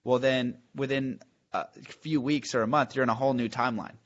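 A man's voice: mid-range voice, steady tone, fairly quick, muffled recording. A man hosting a podcast, talking in an enthusiastic, searching way and restarting his questions as he thinks aloud. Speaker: podcast host. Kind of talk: casual chat.

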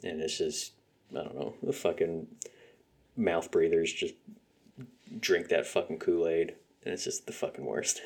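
This podcast host is a young man who rambles about music, swearing and leaning on fillers constantly. He speaks a little slowly in a deep, darkish, steady voice with vocal fry, pausing often.

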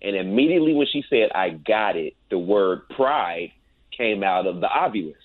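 A man's voice: fairly low pitch, animated, normal speed, no room sound. A man guesting on an interview as a paranormal investigator, telling a story in a laid-back, casual way and often saying "man.". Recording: tinny phone-like line.

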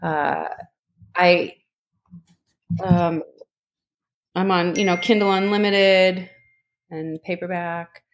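A woman author answering an interview, hesitant and unhurried. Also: lowish voice, fairly even intonation, a little hiss or hum.

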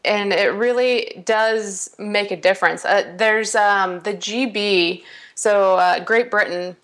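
A woman's voice: medium pitch, slow, fairly bright tone. Chatty woman, rower guest. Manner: chatty, many fillers and restarts. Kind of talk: casual podcast interview.

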